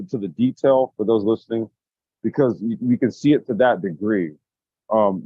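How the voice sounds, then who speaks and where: A man's voice: medium pitch, no echo, lo-fi sound. A man co-hosting a podcast, talking casually as he brainstorms, rambling with frequent restarts and swearing. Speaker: podcast co-host.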